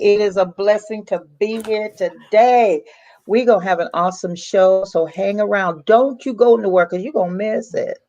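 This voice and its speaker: A woman pastor co-hosts a casual talk show in an upbeat, welcoming way. Her voice is mellow and mid-pitched, and the audio sounds muffled and lo-fi.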